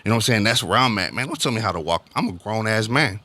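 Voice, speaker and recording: A man's voice: on the low side, lively intonation, fast, bright, forceful tone, no room sound. A man with a Houston Texas accent, a rapper guest chatting casually on a podcast, laid-back and drawling, filling his talk with "man.". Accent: Houston Texan. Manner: laid-back, drawling, peppers speech with "man" and "you know what I'm saying".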